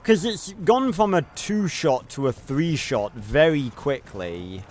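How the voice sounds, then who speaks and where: A man's voice: on the high side, animated, slow pace, a little mellow, slight background noise. A man streaming a video game, giving casual, rambling commentary, thinking aloud and swearing freely.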